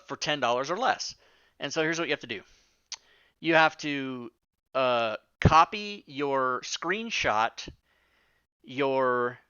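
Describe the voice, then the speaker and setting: A man's voice: on the high side, pushed and bright, dry recording, lo-fi sound. A man hosting a live-streamed talk show, chatting casually and rambling off on tangents with the odd swear word. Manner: rambling, profane, self-interrupting.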